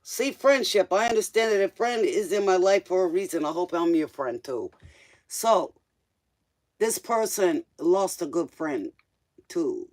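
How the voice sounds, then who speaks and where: A man's voice: high-pitched, expressive, unhurried, a little mellow. A man doing a live-stream tarot reading, casual and joking, talking straight to the viewer in loose, slangy speech. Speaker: tarot reader.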